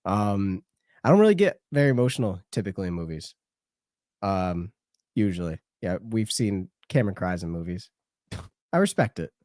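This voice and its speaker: A man's voice: deep voice, very animated, moderate pace, a little mellow, no room sound, clean studio sound. A young man co-hosting a live stream, chatting casually, rambling, laughing a lot and swearing offhand. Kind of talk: casual chat.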